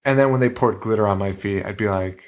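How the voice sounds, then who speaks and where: A man co-hosting a podcast in casual chat, animated, swearing freely and laughing often. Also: lowish voice, fast talker. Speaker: podcast co-host.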